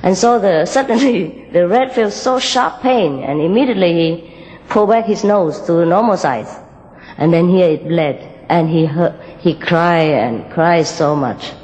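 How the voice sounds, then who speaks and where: A woman telling a moral fable and giving a spiritual talk, gently and with frequent small laughs, in loosely built English. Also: lowish voice, measured pace, long reverb tail, low-quality recording. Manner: gentle, laughs often, unpolished English grammar.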